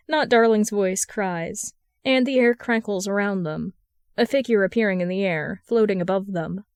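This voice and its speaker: A woman reading a fan fiction audiobook in a steady, even narration. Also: mid-range voice, moderate pace, dry recording, clean studio sound. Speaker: podfic reader.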